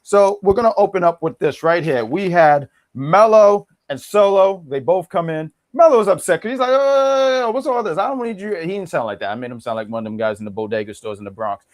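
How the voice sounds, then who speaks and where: A man's voice: fairly high pitch, fairly quick, few pauses. A man co-hosting a wrestling podcast, chatting casually with a joking, mock-boastful manner. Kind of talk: casual chat.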